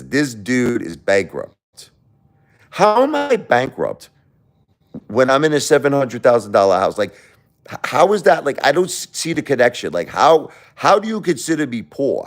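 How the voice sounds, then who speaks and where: A man hosting a live stream, ranting in a casual, indignant way and often restarting his sentences. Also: on the low side. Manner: animated, indignant, rambling with restarts. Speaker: livestream host.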